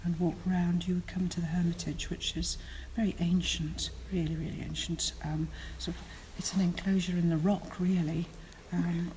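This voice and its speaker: An older retired woman answering interview questions casually, hesitant with many pauses and self-corrections. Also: fairly low pitch, flat delivery, a little mellow, a little hiss or hum.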